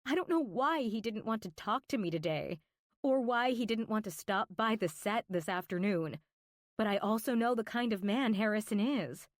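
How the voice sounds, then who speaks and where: Slow, dry-voiced woman narrating a romance. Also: mid-range voice, no room sound. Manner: slow, intimate and emotional delivery with whispered asides. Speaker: audiobook narrator. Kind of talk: first-person romance audiobook narration.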